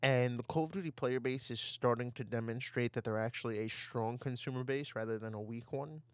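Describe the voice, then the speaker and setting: A man's voice: mid-range voice, a little fast, clean tone, no echo. A man ranting over gameplay footage on a desk mic, heated and given to repeating himself. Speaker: gaming YouTuber. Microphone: desktop mic.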